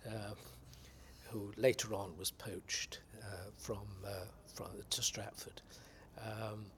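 An older man from England's West Country, an actor guest reminiscing in unhurried anecdotes about his career. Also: lowish voice, flat delivery, fairly bright tone, slight background noise. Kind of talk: reminiscing interview.

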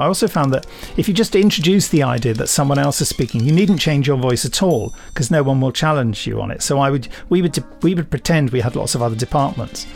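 A man's voice: mid-range voice, gravelly. A man from England hosting a podcast in casual chat, rambling and self-mocking with lots of fillers. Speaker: podcast host.

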